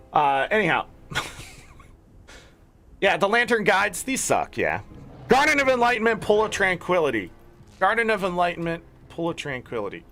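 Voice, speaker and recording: Foul-mouthed, high, gravelly-voiced man ranting. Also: a bit bright. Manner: profane, ranting and exasperated. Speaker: gaming streamer. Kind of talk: casual gameplay commentary.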